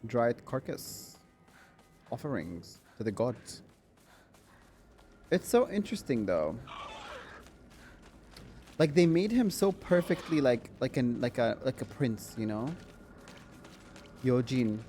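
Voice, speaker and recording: Chatty, excitable male game streamer. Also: mid-range voice, takes it slowly, long pauses, slight background noise. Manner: chatty and excitable, swears and laughs often. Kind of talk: casual gameplay commentary.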